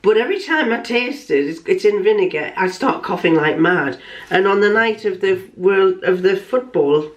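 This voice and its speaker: A woman's voice: mid-range voice, lively intonation, moderate pace, lo-fi sound. An older woman vlogging, chatting casually in a rambling way with many restarts. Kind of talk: casual chat.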